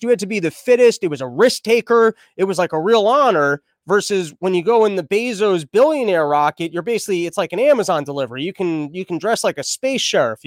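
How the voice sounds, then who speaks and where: A man's voice: high voice, no room sound, clean studio sound. A man hosting a podcast, riffing on the news in a crude, irreverent, rambling way. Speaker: podcast host. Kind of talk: comedic news commentary.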